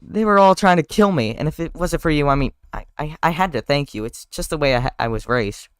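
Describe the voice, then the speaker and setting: A man's voice: fairly high pitch, expressive, fairly quick, smooth, no echo, clean studio sound, close to an everyday voice. A man doing Barry, a stammering nervous bee. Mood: flustered. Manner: stammering, flustered. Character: nervous polite young male bee.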